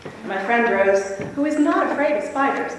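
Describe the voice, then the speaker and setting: A woman speaker tells a lively, laughing story to a conference audience. Her voice rings through a big echoey hall, picked up from a distance. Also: on the high side, normal speed, noisy background. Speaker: convention speaker. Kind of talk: talk to a live audience.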